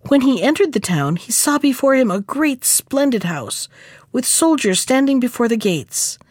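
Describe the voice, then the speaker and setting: A woman reads a fairy tale aloud in an expressive, sing-song way. Her voice is fairly high and moves lively up and down, and the recording is close and dry. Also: moderate pace, no room sound. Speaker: storyteller.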